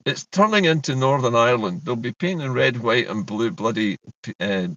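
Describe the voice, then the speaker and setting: A Scottish man co-hosting a political discussion, talking in an animated, indignant way. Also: mid-range voice, normal speed, dry recording. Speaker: co-host. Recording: dull distant dry mic.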